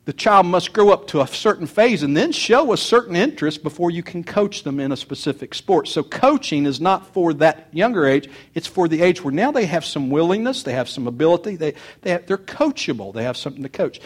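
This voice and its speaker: Older pastor, somewhat high voice, preaching with anecdotes and repetition. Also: male voice. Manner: storytelling, warm repetition for emphasis. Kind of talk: sermon.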